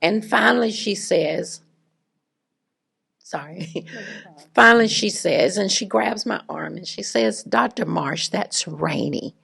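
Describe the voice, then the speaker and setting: A middle-aged woman with a raspy voice, giving a chatty, humorous faculty talk to an audience. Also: medium pitch, slow, pauses often, fairly bright tone. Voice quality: raspy, gravelly voice. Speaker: faculty speaker. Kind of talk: conversational lecture with anecdote.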